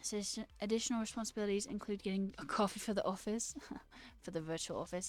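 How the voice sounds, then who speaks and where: Woman, casual livestream chat, talkative, laughs a lot, mid-pitched voice, soft music behind. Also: quick pace. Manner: chatty, laughs often, answers chat questions. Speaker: livestreamer and new software engineer.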